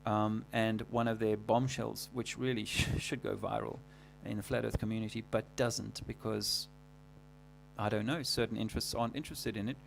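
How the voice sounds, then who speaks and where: A man hosting a livestream, talking casually in a rambling, halting way full of fillers and restarts. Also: lowish voice, steady tone, gravelly, slight background noise. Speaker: livestream host.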